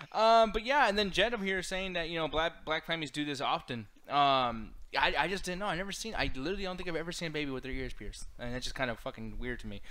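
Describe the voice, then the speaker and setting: A man's voice: fairly high pitch, animated, fast talker, pushed and bright. A man hosting a casual podcast chat, laughing often and swearing casually. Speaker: host.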